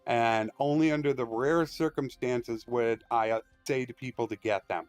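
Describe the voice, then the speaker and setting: Steady in tone and moderate in pace, this man's mid-range voice carries a casual live stream of a strategy game. He rambles through tactics and opinionated rants, captured on a dry close mic with faint background music.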